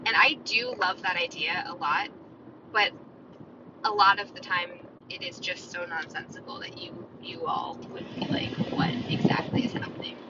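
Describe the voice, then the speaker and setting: Woman rambling solo on her podcast, recorded in the car, muffled with loud road noise. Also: lowish voice, normal speed. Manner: rambling, chatty, talks to herself. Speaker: podcast host. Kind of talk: solo casual chat. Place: inside a moving car.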